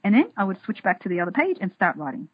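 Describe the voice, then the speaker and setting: A woman's voice: medium pitch, big pitch swings, quick pace, highs cut off, slight background noise. A woman guest on a podcast, talking casually and animatedly, acting out her inner voices, often restarting and repeating words. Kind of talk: casual interview talk.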